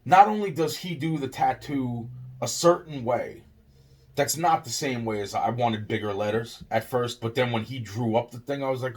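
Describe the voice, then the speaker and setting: A man's voice: medium pitch, moderate pace, slightly rough. A man telling a personal story in casual speech, stammering and swearing often as he acts out the back-and-forth. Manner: stammering, profane, animated.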